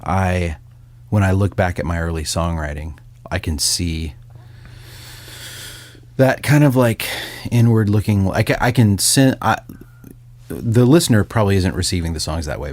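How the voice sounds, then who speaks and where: A man, a songwriter and author, talking casually and thoughtfully, with pauses and easy laughter. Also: low-pitched, steady tone, no echo. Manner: reflective, hesitant, laughs easily. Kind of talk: casual conversation.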